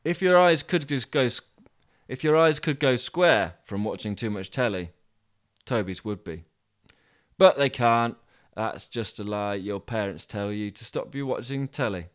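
Deadpan storyteller man, smooth voice. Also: mid-range voice, measured pace. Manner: dry, deadpan asides. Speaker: podcast host and storyteller. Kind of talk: comic storytelling narration.

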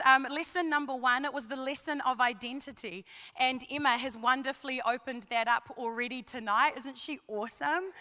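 A woman preacher giving an emphatic sermon, repeating key phrases and building to passionate shouting. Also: fairly high pitch. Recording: long hall reverb.

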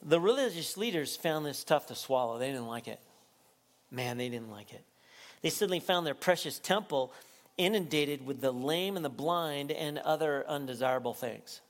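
An animated male preacher with a fairly high, light voice, building from quiet reflection to near-shouting. He laughs often as he preaches. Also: moderate pace. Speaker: pastor. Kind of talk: sermon.

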